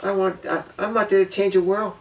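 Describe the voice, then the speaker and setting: A man with a gravelly, fairly high voice speaks in an earnest, emotional personal monologue, circling back and repeating his words. He sits a little away from the mic, so his voice sounds distant. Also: flat delivery, a little fast. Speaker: vlogger.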